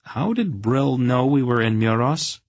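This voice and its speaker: A man's voice: mid-range voice, expressive, a little slow, no room sound, voice pushed up. A man voicing an eager young man who blurts out his thoughts. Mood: excited.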